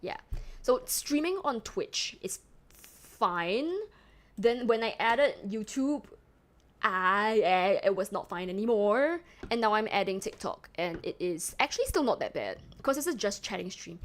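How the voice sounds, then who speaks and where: A woman's voice: mid-range voice, expressive, measured pace. A young woman from Singapore with a toned-down Singaporean accent, chatting casually on a live stream, rambling and self-mocking as she reads chat aloud. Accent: Singaporean English, toned down.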